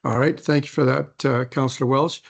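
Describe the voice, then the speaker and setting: A man chairing a council meeting in a council chamber, reading his report and calling motions in a measured, procedural way. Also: medium pitch, steady tone, creaky.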